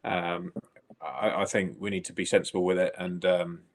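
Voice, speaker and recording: A man co-hosting a casual live stream, talking in a relaxed, easygoing way. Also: sits low, moderate pace. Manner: relaxed, easygoing, with short replies. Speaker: co-host.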